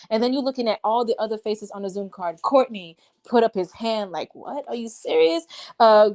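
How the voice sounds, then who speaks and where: A woman hosting a live-stream chat, talking in animated, indignant bursts. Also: on the high side. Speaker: host.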